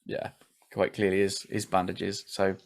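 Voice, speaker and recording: A man's voice: deep voice, monotone, a little slow, vocal fry. A man hosting a casual podcast recap, chatty, laughing often and swearing casually. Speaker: podcast host.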